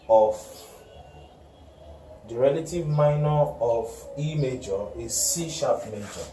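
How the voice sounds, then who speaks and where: Guy teaching scales real slow, stops to fix his slips, echoey room with background noise. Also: medium pitch, mellow, recorded from a distance. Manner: slow, repeats note names and corrects himself. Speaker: music teacher. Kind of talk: classroom music lesson. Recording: echoey room, voice from off-mic, noisy.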